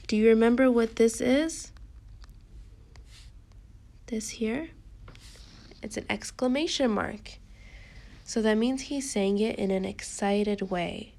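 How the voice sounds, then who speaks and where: A woman's voice: a little high, slow pace, vocal fry, pauses often, a little mellow. A woman teacher reading a picture book with a young child, patiently explaining each step.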